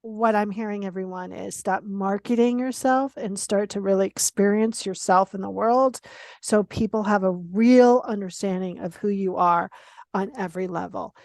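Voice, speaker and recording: A woman hosting a casual conversation, talking in an animated, emphatic and playfully blunt way. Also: medium pitch, normal speed, creaky, dry recording, studio quality. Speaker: podcast host.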